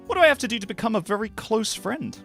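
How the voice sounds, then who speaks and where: A man's voice: sits high, animated, quick pace, gravelly, sharp tone, voice pushed up, exaggerated voice. A man reading the lines of a friendly tavern keeper in a video game in a cheerful, slightly raised voice, with light music behind.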